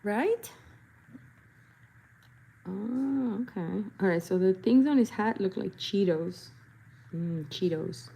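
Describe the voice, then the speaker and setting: A young woman talks casually while she paints, playful and chatty, often slipping into goofy voices and little jingles. Her voice is warm and mellow with a soft, breathy edge. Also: mid-range voice, expressive, slow pace, long pauses. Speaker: body painter and vlogger.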